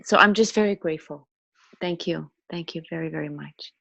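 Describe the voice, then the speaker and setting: Woman, low-pitched, dry close sound, halting emotional talk, video call. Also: vocal fry, bright, forceful tone, no echo, highs cut off. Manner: emotional, halting, many fillers. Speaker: webclass participant. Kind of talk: emotional personal sharing.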